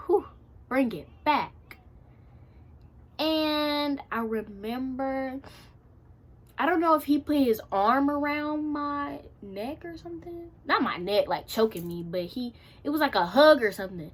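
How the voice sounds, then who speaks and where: A woman's voice: high voice, animated, unhurried. A teenage girl telling a story to camera in a chatty, slangy way, acting out her own reactions and quotes. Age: teens. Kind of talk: casual storytime.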